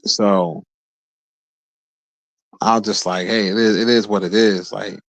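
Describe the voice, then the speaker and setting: A man's voice: on the low side, steady tone, slow pace, fairly bright tone, no echo. A man streaming casual commentary, blunt and profane, who often stumbles and repeats words at the start of his sentences. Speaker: streamer host.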